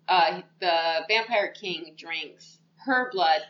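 A woman casually recapping a movie plot on a podcast, animated and laughing often as she acts out lines. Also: fairly low pitch, takes it slowly. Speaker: podcast co-host. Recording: dull echoey room recording.

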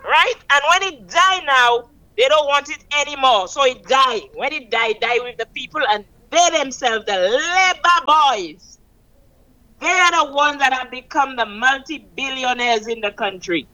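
Impassioned high-voiced Saint Lucian woman. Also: animated, sharp tone, rough recording. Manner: impassioned, preachy, emphatic with slow drawn-out stresses. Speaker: caller. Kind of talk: call-in radio political rant.

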